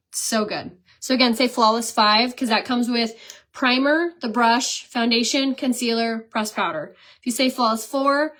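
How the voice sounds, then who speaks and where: A chatty woman in her thirties runs a makeup live stream, talking fast and filling her sentences with "like." Her voice sits a little high, and she laughs easily between product pitches and stories. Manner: chatty and animated, laughs often, says "like" a lot. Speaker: makeup seller and vlogger. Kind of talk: casual livestream chat while doing makeup.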